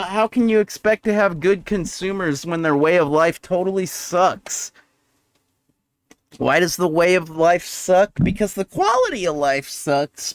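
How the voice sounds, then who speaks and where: A man's voice: sits high, low-quality recording. A man vlogging in a rambling, profane, sardonic rant. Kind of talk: rambling monologue to camera.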